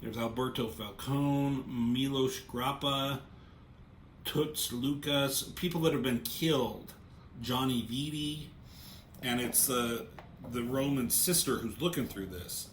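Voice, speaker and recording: At an unhurried pace and medium pitch, a man casually reviews a comic, moving through its pages and voicing the panel lines. Thoughts often open with repeated words, and the audio carries a roomy echo with faint background noise.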